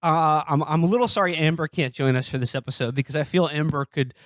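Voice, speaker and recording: Sarcastic halting man, dry podcast sound. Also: a little high, steady tone, no room sound. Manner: halting, sarcastic, many fillers. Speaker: podcast co-host. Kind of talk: casual comedic podcast chat.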